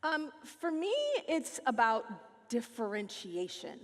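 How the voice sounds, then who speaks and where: Sassy american woman chatting on a big stage, kinda high voice, lots of hall echo. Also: takes it slowly. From United States. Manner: animated, playful, sassy. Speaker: featured speaker. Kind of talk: onstage conversation. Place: large festival stage hall. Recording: long hall reverb.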